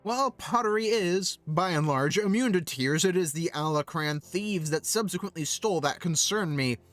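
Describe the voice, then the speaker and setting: A man's voice: high-pitched, lively intonation, normal speed, fairly bright tone, no echo, faint music behind. A man reading as a pompous guildmaster mage. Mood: grandiose. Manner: grandiose, archaic phrasing. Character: pompous male guildmaster mage, theatrical and scheming. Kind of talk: reading game quest dialogue aloud.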